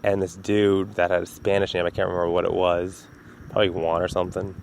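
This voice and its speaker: Male podcast host, lowish voice, loose storyteller who swears a lot, home recording with slight background noise. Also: flat delivery, quick pace, a little mellow. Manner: laid-back, rambling, swears freely, laughs at own stories. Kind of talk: casual solo podcast storytelling.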